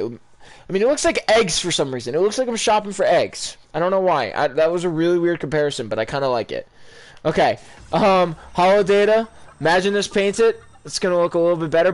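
A young man giving casual, rambling live reactions to video game items, excitable and full of ums. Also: on the high side. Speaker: gaming YouTuber.

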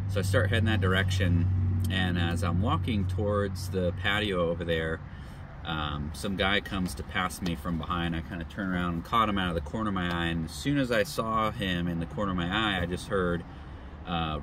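A middle-aged man, a travel vlogger, casually telling a faith story in an animated, rambling way with many fillers. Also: sits low, moderate pace, noisy background.

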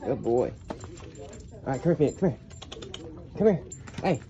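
A man's voice: mid-range voice, sing-song, brisk, long pauses, warm tone, highs cut off, a little hiss or hum. A man filming a casual vlog inside a discount store, coaxing and praising his puppy with repeated commands. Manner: coaxing dog-directed talk, repeated commands. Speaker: vlogger training his puppy.

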